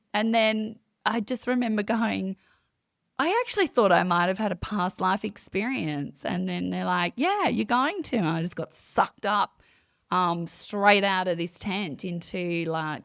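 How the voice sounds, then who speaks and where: A woman guest on a conversational podcast, telling a personal story in an animated way and acting out her own quoted thoughts. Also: lowish voice, vocal fry, no echo, studio quality. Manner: many fillers and restarts. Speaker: guest, psychic medium. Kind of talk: casual interview storytelling.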